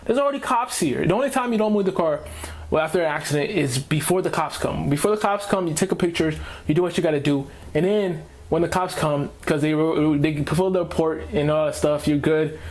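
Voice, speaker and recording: A man's voice: fairly high pitch, steady tone, brisk, darkish tone. A man hosting a reaction video, ranting casually in slang and repeating himself as he talks.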